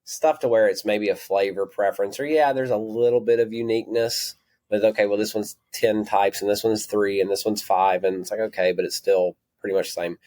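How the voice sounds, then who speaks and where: Deep-voiced Southern man, rambling retailer. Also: fairly even intonation, brisk, a little mellow. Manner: rambling, self-correcting, apologetic asides. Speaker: natural products retailer, guest. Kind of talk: conversational podcast interview.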